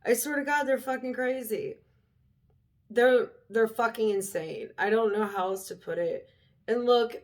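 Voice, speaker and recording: A young adult woman vlogging, ranting bluntly and heatedly in a casual, profane way. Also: fairly high pitch. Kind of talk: casual rant to camera.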